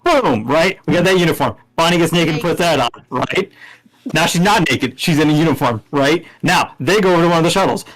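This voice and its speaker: A man's voice: on the high side, brisk, a bit bright, rough recording. A man playing a tabletop game, animatedly laying out a plan and checking in with "right?" after nearly every step. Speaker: player.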